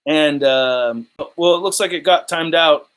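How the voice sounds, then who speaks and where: A man's voice: on the high side, unhurried, a bit bright. A man hosting a casual live stream about toy collecting, rambling and joking, often laughing and repeating himself.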